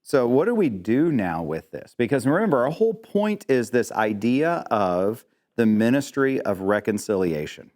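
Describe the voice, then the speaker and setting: A man's voice: medium pitch, very animated, normal speed, a little mellow. A man teaching an interactive Bible lesson, quizzing the class with questions and dropping in joking asides.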